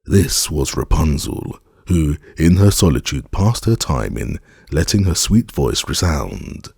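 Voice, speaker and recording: A man narrating a fairy-tale audiobook in a measured storytelling manner. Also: very deep voice, lively intonation, gravelly, warm tone, slightly rough, no room sound, studio quality.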